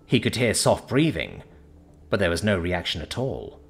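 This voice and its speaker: Husky, animated male storyteller. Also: sits low, moderate pace, faint music behind. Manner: dramatic, expressive storytelling. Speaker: story narrator. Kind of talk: scripted narration.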